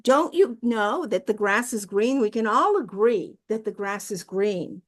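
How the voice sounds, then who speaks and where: A woman's voice: medium pitch, animated, measured pace. A woman voicing an earnest, bewildered male tiger in a fable, pleading his case.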